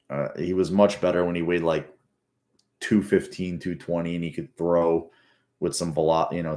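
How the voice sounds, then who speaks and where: This sports fan's voice is low-pitched and mellow. He rewatches a football game while offering casual, profane commentary, rambling and restarting often.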